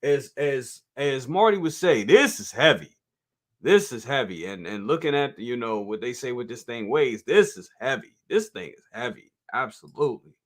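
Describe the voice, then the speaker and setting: Hosting a live toy review stream, a man with a mid-range voice chats casually at a moderate pace, with lively intonation and few pauses. He reads viewer comments aloud, talks straight to his audience, repeats himself often and laughs easily.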